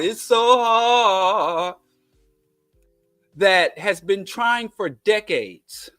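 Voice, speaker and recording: A man's voice: sits high, a bit bright, no echo, studio quality. A man with a Kansas City twang hosting a political commentary monologue, digressive with emphatic lists and chatty asides. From Kansas City, USA. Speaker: show host.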